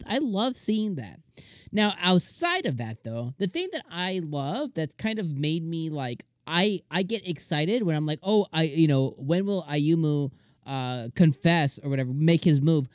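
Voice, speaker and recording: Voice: mid-range voice, no room sound. Enthusiastic rambling anime reviewer, dry sound. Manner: enthusiastic, rambling, with many restarts and fillers; acts out characters' lines in quick voices. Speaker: anime reviewer, channel host. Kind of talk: casual anime episode review.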